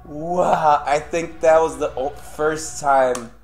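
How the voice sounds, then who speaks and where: A young man streaming live gameplay and commenting as he plays. He swears often and swings between low grumbling and sudden yelling. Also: fairly even intonation, slow, a little hiss or hum. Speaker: streamer playing a horror game.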